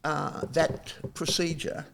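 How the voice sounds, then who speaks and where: A man's voice: fairly high pitch, takes it slowly, creaky, background noise. An older Australian man, a saxophonist and podcast guest, telling anecdotes in casual chat and acting out other people's lines. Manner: animated storyteller who acts out other people's lines.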